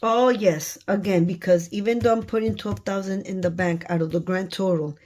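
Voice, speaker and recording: A woman counting cash aloud for her budgeting vlog, murmuring numbers and thinking out loud. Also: medium pitch, steady tone, normal speed. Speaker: budgeting vlogger.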